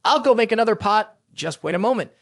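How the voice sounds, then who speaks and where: A man voicing a cheerful, innocent young girl who chatters brightly, in a story recap. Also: sits high, animated, quick pace.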